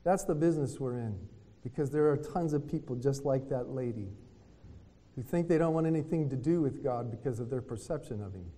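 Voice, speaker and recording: A man giving a retreat talk in a preaching style, telling lively stories and acting out what other people said. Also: medium pitch, brisk. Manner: lively storytelling that acts out other people's words. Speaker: retreat speaker. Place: hotel conference room. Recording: long reverb of a hotel meeting hall.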